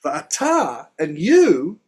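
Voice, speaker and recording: A man teaching Hebrew words in a relaxed Torah study conversation, chatty and quick to laugh. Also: a little high, husky. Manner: chatty, laughs often, explains word by word. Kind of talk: casual Torah study chat.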